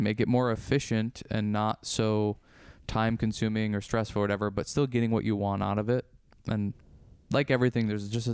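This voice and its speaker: A man's voice: fairly low pitch, a little mellow, smooth, no room sound. A young adult man co-hosting a podcast in casual chat, rambling and questioning himself as he acts out little quotes. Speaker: podcast co-host.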